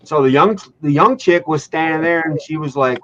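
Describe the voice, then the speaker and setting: A man in his thirties spins a long, rambling yarn in a deadpan, profane way. His voice sits a little high for a man, and the audio is dull and lo-fi. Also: normal speed, a little hiss or hum. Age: 30s. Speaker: storyteller. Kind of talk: casual chat, telling a joke as a true story. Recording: dull lo-fi sound.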